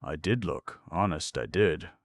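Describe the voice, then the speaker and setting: A man with a very deep, creaky voice playing a dim-witted male crook who pleads defensively. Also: expressive, unhurried, no echo, clean studio sound.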